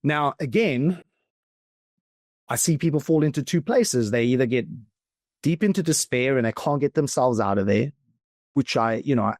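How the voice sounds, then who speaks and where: A man from South Africa, a philosophical coach, talking as a podcast guest in a thoughtful, reflective way that often slows down and stretches words. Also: mid-range voice, a little mellow, no room sound, studio quality. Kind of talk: reflective conversational talk.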